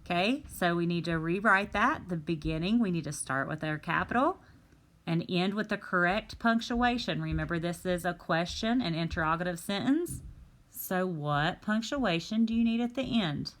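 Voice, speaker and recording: A woman teacher reading words slowly and carefully, talking young students through a phonics worksheet. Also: on the low side, animated, a bit bright. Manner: slow, careful, drawn-out word reading. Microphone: tablet microphone.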